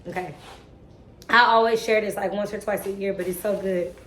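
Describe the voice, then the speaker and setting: A woman's voice: mid-range voice, steady tone, a little fast, a bit bright, echoey room, a little hiss or hum. Earnest, tearful young woman vlogging. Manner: earnest, self-motivating, preachy, casual slang. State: tearful, emotional. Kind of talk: emotional faith-talk vlog.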